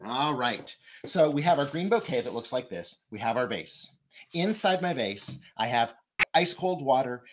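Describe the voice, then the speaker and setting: A man's voice: mid-range voice, noisy background. A man hosting a casual flower-arranging demonstration, chatty and enthusiastic as he works. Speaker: floral designer host.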